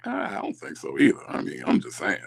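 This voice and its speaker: Casual livestream host, man, gravelly with a lively pitch. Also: a little fast. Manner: animated, reads chat comments aloud, repeats himself. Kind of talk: casual live chat commentary.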